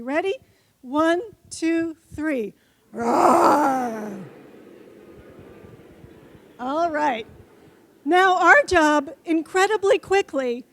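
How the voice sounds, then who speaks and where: A woman giving a short conference talk who leads the audience in an improv exercise, coaxing the crowd playfully. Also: very high-pitched. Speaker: conference speaker. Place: conference hall stage.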